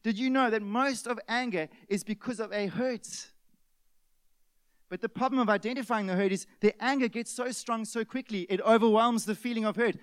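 High-voiced pastor preaching with shouted outbursts. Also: male voice, normal speed, no echo. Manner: animated, acts out scenes with sudden shouted outbursts. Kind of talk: sermon.

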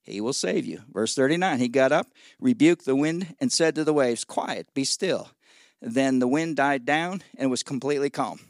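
A man in his sixties preaching a sermon as guest pastor, folksy and exhorting, swinging between loud shouts and low asides. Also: normal speed, no room sound, studio quality. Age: 60s. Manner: folksy, exhorting with 'come on, somebody'.

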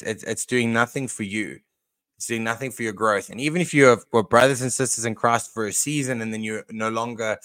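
A man's voice: on the low side, a bit bright, no echo. A man co-hosting a Christian podcast, talking in an earnest, preachy way with frequent restarts. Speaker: podcast co-host. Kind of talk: casual Christian podcast talk.

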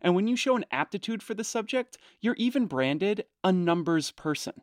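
A man hosting a podcast in scripted narration, loud and brash with a playful, teasing manner. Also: high-pitched, expressive, normal speed, no room sound, studio quality. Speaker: podcast host.

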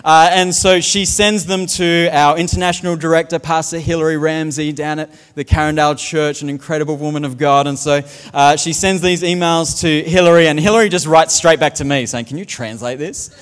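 A man's voice: on the high side, fairly even intonation, fairly quick, hardly any pauses, clean tone, long reverb tail, faint music behind. A man preaching a sermon as a pastor, telling funny stories and mimicking the way others speak. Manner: humorous storytelling, mimics accents.

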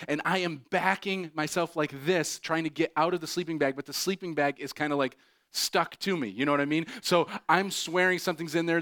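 A man in his thirties, a pastor preaching a sermon and telling a funny personal story with lots of fillers. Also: a little high. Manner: animated, self-mocking storyteller with many fillers.

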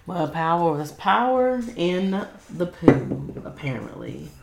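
A woman's voice: lowish voice, sing-song, slow, gravelly. A woman co-hosting a casual gossip chat, teasing and laughing a lot. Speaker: co-host. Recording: echoey room with faint noise.

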